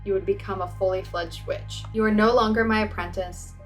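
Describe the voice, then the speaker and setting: A woman reading the part of a kind, proud female witch mentor, gentle and reassuring in tone. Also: mid-range voice, fairly even intonation, fairly quick, faint music behind, close to an everyday voice, poor audio. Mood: tender. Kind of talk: reading game dialogue aloud.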